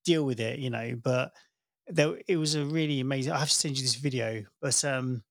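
A man in his thirties chatting casually, telling a warm family story and acting out the voices he quotes. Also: medium pitch, brisk, creaky, no room sound, clean studio sound. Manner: warm storytelling, animated when quoting. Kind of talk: casual chat.

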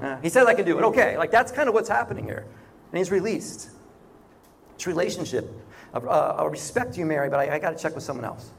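A man preaching a sermon in a conversational way, often acting out short quoted voices. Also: high voice. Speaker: pastor.

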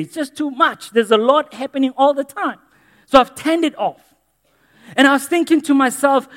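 A man's voice: high voice, in a large hall. A man preaching a sermon in a church, earnest and emphatic, repeating key phrases. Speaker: pastor.

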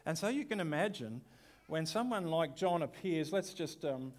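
A man's voice: a little high, lively intonation, normal speed. A man, a pastor giving a sermon in a conversational way with rhetorical questions.

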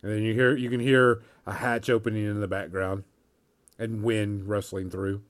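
A man narrating as game master in a tabletop role-play, relaxed, often chuckling and repeating words. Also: on the low side, normal speed.

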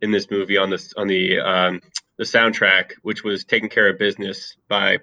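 A man with a low but bright, forceful voice talks about an old movie in a relaxed way, with plenty of fillers. The recording sounds a bit dull and lo-fi. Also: normal speed, vocal fry. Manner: relaxed and talkative, with many fillers. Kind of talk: casual chat.

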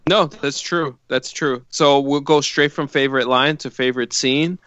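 A man co-hosting a casual movie podcast, talking haltingly and repeating words as he thinks. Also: medium pitch, steady tone, a bit bright, smooth, no echo, highs cut off. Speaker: podcast co-host.

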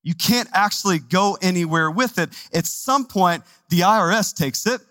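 A man from Texas, a pastor preaching a sermon in a conversational, animated way, with asides to the congregation. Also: sits high, normal speed, dry recording. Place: church sanctuary.

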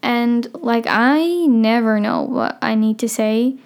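A woman's voice: fairly high pitch, slow, clean tone. A fifteen-year-old girl from the Netherlands with a Dutch accent, chatting casually and rambling on her own podcast, full of fillers and apologies. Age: teens. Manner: chatty, rambling, self-deprecating, many fillers. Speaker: podcast host. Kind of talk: casual solo podcast chat.

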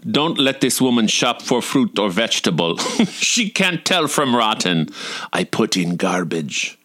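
A stern waitress in her sixties with a Russian accent, as a man puts her on. She speaks in clipped broken English with a flat, stony manner. The voice is bright and forceful, and its pitch swings widely. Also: measured pace, exaggerated voice. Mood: blunt. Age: 60s. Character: stern older Russian woman waitress, blunt.

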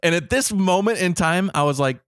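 A young man with a loud voice telling a travel story as co-host in a casual, jokey chat. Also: sits high, a little fast, clear, resonant tone, no echo, studio quality. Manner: animated, jokey, laughs often.

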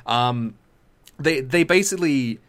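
A young man from Britain chatting casually, retelling a film scene with lively impressions. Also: mid-range voice, slow pace. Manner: animated storytelling with impressions. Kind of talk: casual chat.

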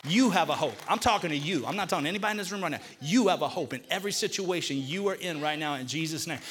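In church, a male pastor whose voice runs high speaks very quickly over slight background noise. His call-and-response sermon is animated, urging listeners to echo scripture lines after him.

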